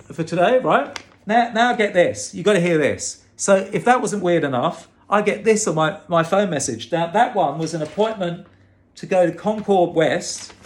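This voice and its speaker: A man with a British-sounding Australian accent, talking casually to camera in an exasperated, emphatic way with frequent restarts. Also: high voice. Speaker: vlogger and advocate for infected blood victims.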